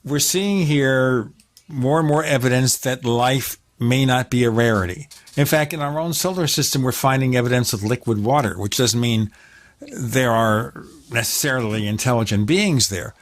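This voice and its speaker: A man's voice: mid-range voice, moderate pace. Talk radio host man. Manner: conversational, steering questions. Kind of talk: talk show interviewing and ad read.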